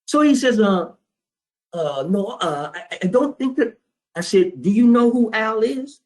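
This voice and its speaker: Man, high-pitched, streetwise trading instructor, blunt storyteller. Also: expressive, a little slow. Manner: streetwise, blunt, profane, quotes both sides of a phone call. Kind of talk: storytelling lecture to students.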